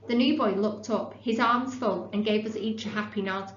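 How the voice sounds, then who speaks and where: A woman teacher reading a children's book aloud in a clear, expressive storytelling voice. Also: mid-range voice, moderate pace. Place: classroom. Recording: roomy, dull lo-fi classroom recording.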